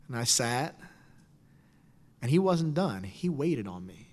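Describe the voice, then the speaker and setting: In a slow, mid-range voice, a middle-aged speaker shares a wry personal story with a lecture-hall audience, animated and acting out quoted voices. The room's reverb is long.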